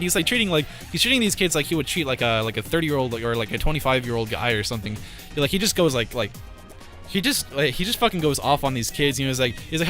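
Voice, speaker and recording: A young man with a bright, forceful voice tells a rambling storytime, stumbling over fillers and swearing in frustration. Soft music sits quietly under him. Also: mid-range voice, animated, brisk. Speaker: vlogger. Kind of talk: casual storytime rant.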